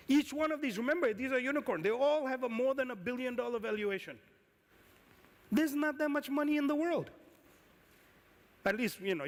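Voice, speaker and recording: A man giving a conference talk as an investor, lively and firing questions at the audience. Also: high-pitched. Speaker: conference speaker, angel investor. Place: conference hall. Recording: reverberant hall.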